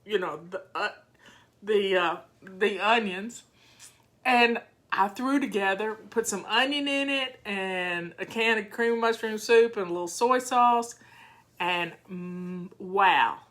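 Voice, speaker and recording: An older woman who vlogs about home organizing chats casually with her viewers in a medium-pitched, slightly bright voice, taking her time. She's folksy and talkative, responding to viewer comments during her live chat.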